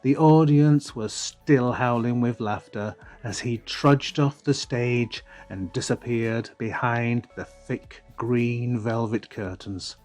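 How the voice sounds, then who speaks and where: Male audiobook narrator, unhurried and wry, faint music behind. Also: mid-range voice, a little mellow. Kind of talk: scripted narration.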